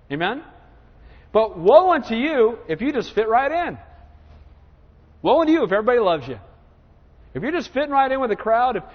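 Male pastor, high voice, emphatic sermon, lo-fi church hall echo. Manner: emphatic, repeatedly asks the congregation "Amen?". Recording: dull lo-fi sound with long hall reverb.

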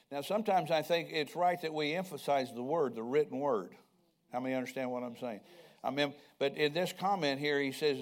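A man's voice: a little high, brisk. An older man preaching a sermon in a conversational way, often asking the congregation questions. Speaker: pastor.

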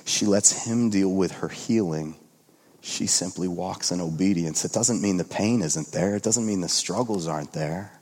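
A male pastor in his thirties delivers a conversational sermon in a somewhat low voice. He talks earnestly, dropping to a hush and then rising with excitement. The sound carries a long reverb from a large hall. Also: moderate pace. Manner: earnest, shifting between hushed and excited.

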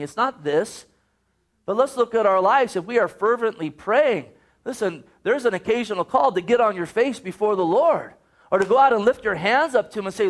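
A man's voice: high voice, animated, moderate pace. A man preaching a sermon, earnest and urging, often quoting scripture.

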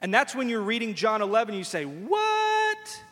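Pastor guy preaching in a church, high voice, big hall echo, acts out the characters. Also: fast talker. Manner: animated storytelling preacher who acts out voices. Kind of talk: sermon. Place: large church sanctuary. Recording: long hall reverb in a church.

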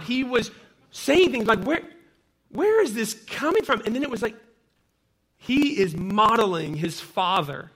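Bright-voiced man preaching a sermon. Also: sits high. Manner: conversational preaching with personal stories. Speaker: pastor.

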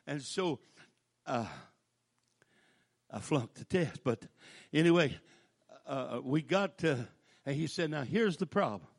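An older man, preaching a folksy storytelling sermon that breaks into shouted praise. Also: fairly high pitch, slow pace, breathy edge.

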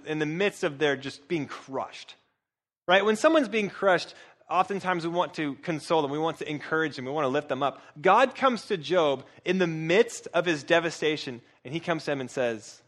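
Male preacher, slightly high voice, talky animated storytelling delivery, lots of restarts. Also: normal speed. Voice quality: says his own voice is low and squeaky. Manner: conversational, animated Bible storytelling with repeated words. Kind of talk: sermon.

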